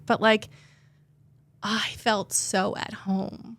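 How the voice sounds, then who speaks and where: A woman's voice: mid-range voice, moderate pace, dry recording. Heartfelt woman telling a personal story. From New Jersey. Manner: heartfelt, tearful at moments, many "like" fillers. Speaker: therapist guest.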